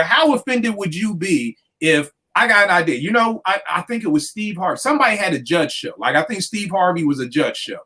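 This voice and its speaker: A man in his forties, a podcast host, ranting in animated, profane casual chat. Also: high-pitched. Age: 40s.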